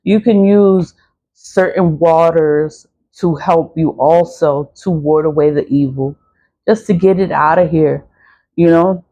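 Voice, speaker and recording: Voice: medium pitch, takes it slowly, mellow. A speaker in their forties giving a casual spiritual monologue as a practitioner. They talk bluntly and preachily, repeat themselves and swear freely. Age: 40s. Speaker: spiritual practitioner selling cleansing products.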